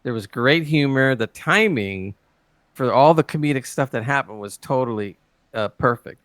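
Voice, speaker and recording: A man co-hosting a TV review chat, animated and acting out scenes in quoted voices. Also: mid-range voice, normal speed, no echo. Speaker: co-host reviewing a TV episode. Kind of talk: casual chat.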